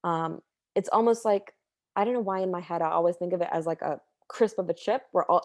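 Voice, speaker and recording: A young woman with a low voice explains letter sounds in an easygoing, unscripted way, with plenty of fillers and self-corrections. She is recorded close to the mic in a dry space with no room sound. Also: brisk, no echo. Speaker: Quran recitation teacher. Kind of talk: casual tutorial.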